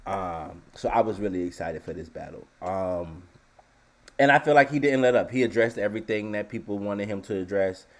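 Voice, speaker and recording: A man co-hosting a casual podcast chat, relaxed and full of opinions. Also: fairly low pitch, normal speed. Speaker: co-host.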